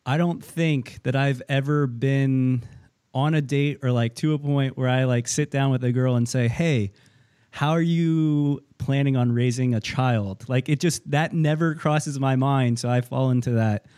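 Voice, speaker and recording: Co-host: a man in his twenties, mellow and laid-back, dry close mic. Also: medium pitch, unhurried, clear, resonant tone, dry recording. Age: 20s. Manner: relaxed, laughing, lots of "like". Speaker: podcast co-host. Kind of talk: casual interview chat.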